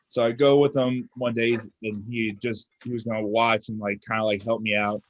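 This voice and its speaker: A man's voice: mid-range voice, fairly quick, hardly any pauses, no room sound. Young guy chatting about his fitness story, acts out the voices, kinda muffled dry sound. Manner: animated storyteller acting out quotes. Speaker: fitness coach co-host. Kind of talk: casual chat.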